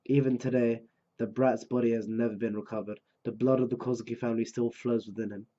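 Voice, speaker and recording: A paranoid, boastful shogun speaks with scorn, as a man reads him from a manga. The voice is low-key and mellow, and the recording sounds dull and lo-fi. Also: little pitch movement, fast talker, close to an everyday voice. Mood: scornful.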